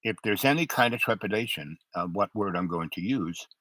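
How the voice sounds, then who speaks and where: A man's voice: lowish voice, lively intonation, sharp tone, dry recording, poor audio. Older guy hosting his own show, rambles and stops a lot, voice kinda off from an old throat injury, dry close mic. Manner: halting, many fillers and restarts, stutters under strain. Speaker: show host. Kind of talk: rambling monologue.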